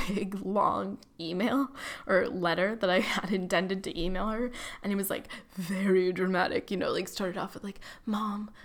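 A young woman, a college student, chatting casually about her life, filling her talk with likes and you-knows and poking fun at her own flair for drama. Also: mid-range voice. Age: young adult. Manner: chatty, filler-heavy, self-deprecating, dramatic. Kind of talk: casual personal storytelling.

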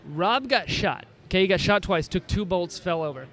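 A man with a notably high speaking voice, chatting casually and retelling scenes with real excitement. He jumps into little acted-out quotes as he talks. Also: moderate pace. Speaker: podcast conversation partner. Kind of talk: casual chat.

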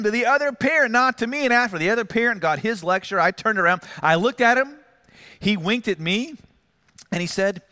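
A man's voice: high voice, sharp tone. A middle-aged man preaching a sermon as pastor, telling stories with acted quotes and self-mocking humor.

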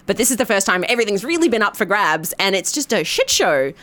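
A woman's voice: mid-range voice, expressive, quick pace, noisy background. An Australian woman, a guest astronomer, telling wry stories in casual podcast chat.

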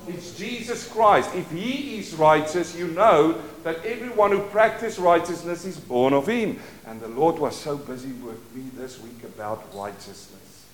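A man preaching a sermon as pastor, leading call-and-response and moving between quiet asides and loud declarations. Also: a little high, animated, measured pace, few pauses, echoey room, slight background noise. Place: church.

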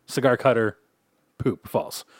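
An American man co-hosting a podcast, telling a crude story in an animated, laughing way. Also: medium pitch, unhurried, no room sound, clean studio sound. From United States. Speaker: podcast co-host. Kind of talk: casual storytelling chat.

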